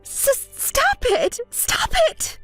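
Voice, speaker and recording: A woman putting on a shrill spoiled young woman. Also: animated, measured pace, soft background music, exaggerated voice. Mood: shrieking. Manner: whiny and demanding, shouting. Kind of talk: texting story narration.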